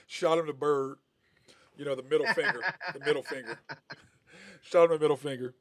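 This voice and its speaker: High-pitched middle-aged guy, ex baller, chatting sports, super animated storyteller. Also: moderate pace. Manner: animated storyteller, mimics others with big pitch jumps. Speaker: podcast co-host, former basketball player. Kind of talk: casual sports chat.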